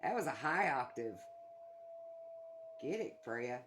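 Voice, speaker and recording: Low, lively-voiced blunt storytelling woman. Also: takes it slowly, noisy background. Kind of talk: casual chat.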